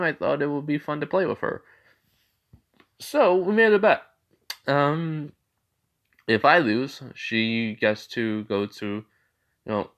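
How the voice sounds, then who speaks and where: A man's voice: mid-range voice, fairly bright tone. A man voicing an easygoing teenage boy who explains himself in a rambling, offhand way. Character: easygoing teenage boy student with dyed hair.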